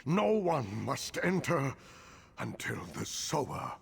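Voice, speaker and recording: An actor playing an ancient, solemn male druid elder in video game dialogue, speaking in a gravelly, commanding way. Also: mid-range voice, sing-song, takes it slowly, exaggerated voice.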